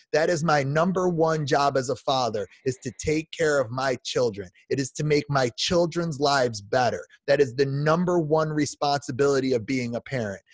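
A male podcast guest in his forties launches into a passionate, emphatic rant full of restarts and repeats. His medium-pitched voice is closely miked and dry, with no room sound.

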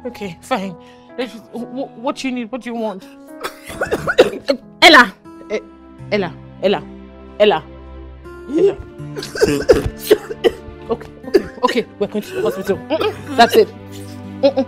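An actress playing a playful, caring best friend. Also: female voice, a little high, very animated, slow, long pauses, darkish tone, faint music behind. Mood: panicked. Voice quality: playful, turning panicked. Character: teasing best friend back from abroad.

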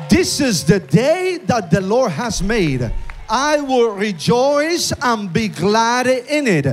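A man's voice: sits high, big pitch swings, slow. A man preaching a sermon in a church, using call-and-response with the congregation. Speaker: pastor. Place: church sanctuary with live congregation.

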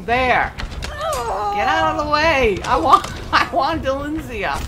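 A woman's voice: high-pitched, lively intonation, slow pace, background noise. An older woman streaming a video game, exclaiming and talking to herself as she plays. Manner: exclamatory, gasping, talks to herself. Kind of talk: excited live gameplay commentary. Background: loud game music.

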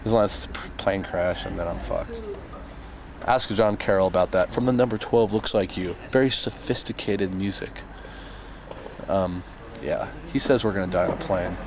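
A man's voice: low voice, moderate pace, crowd noise. A young man, a band member on tour, tells a rambling, profane story, laughing as he goes. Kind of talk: casual storytelling.

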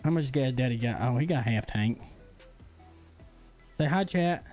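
A man's voice: medium pitch, expressive, unhurried, darkish tone. A young man livestreaming a game, chatting playfully with his audience and his baby son, with faint music behind him. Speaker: livestreamer and father. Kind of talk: casual gaming livestream chat.

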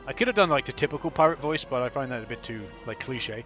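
This gameplay commentator speaks fast with few pauses, his mid-range voice expressive as he jokes casually through his first playthrough of a video game, cursing frequently. Faint game music sits under a slightly dull, lo-fi recording.

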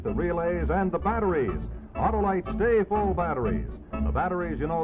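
A man announcing a sponsor's commercial and next week's program in a hearty, emphatic old-time style, heard over tinny broadcast audio. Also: on the high side.

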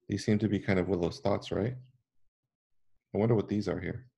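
A man reading a graphic novel aloud to children as a guest reader, with relaxed, chatty asides. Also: on the low side, a little fast, creaky, pauses often, breathy edge.

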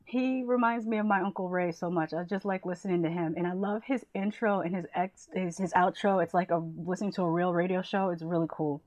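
A woman from the United States, a movie reviewer, chatting casually and enthusiastically while giving shout-outs to other channels. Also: fairly low pitch, fairly even intonation, a little fast, few pauses, no echo.

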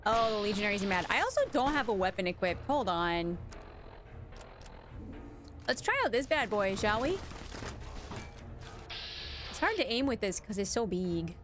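Lively, playful woman gaming streamer. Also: medium pitch, moderate pace, long pauses, music in the background. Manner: playful and sarcastic, laughs often. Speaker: streamer playing a video game. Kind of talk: casual gameplay commentary.

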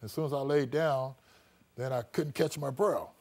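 A middle-aged man, a former athlete, telling his story in a relaxed interview, full of "you know" and acted-out quotes. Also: mid-range voice, moderate pace, a little hiss or hum.

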